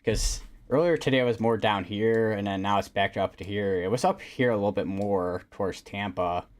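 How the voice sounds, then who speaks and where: A man's voice: on the low side, normal speed. A man hosting a live weather stream, talking casually and rambling with lots of fillers and restarts. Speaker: livestream weather host.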